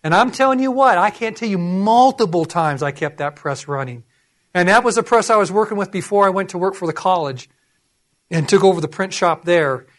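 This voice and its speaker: A man's voice: high-pitched, fairly quick. A middle-aged man preaching, telling personal stories and acting out the voices in them. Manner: animated storytelling, acts out voices. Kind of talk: sermon with personal testimony.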